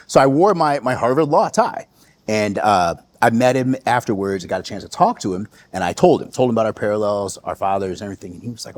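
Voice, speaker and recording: A man from the United States, a podcast guest, telling stories in a relaxed way and laughing often. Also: fairly low pitch, brisk. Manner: relaxed, laughs often, quotes others in lively voices. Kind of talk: casual interview storytelling.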